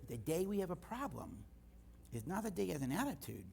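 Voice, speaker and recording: A middle-aged guest speaker's gravelly voice is a little high and a little fast as he gives a teaching talk in church. He tells stories animatedly, acting out the dialogue.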